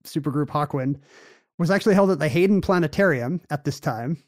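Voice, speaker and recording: A joking man trades quick wry quips in casual banter. His voice sits a little high and sounds dry and close. He jumps in often with dry asides. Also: expressive, darkish tone, no room sound. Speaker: co-host. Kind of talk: comedic banter.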